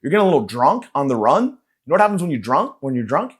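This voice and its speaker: A man's voice: a little high, very animated, fast, breathy edge. A man hosting a comedy podcast, delivering a rambling, sarcastic, profane rant. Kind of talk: ranting comedic monologue.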